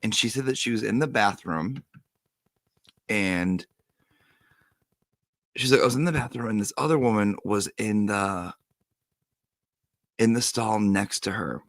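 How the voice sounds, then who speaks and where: A man hosting a casual livestream, reading viewer comments and telling stories in an animated way. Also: lowish voice, unhurried, long pauses, no echo. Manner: animated storyteller, reads viewer comments aloud. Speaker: live stream host.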